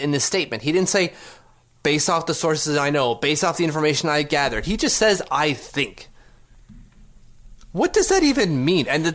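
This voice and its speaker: This podcast host is a man whose voice runs on the high side and sounds a bit bright. He delivers a casual sports rant full of sarcasm and rhetorical questions.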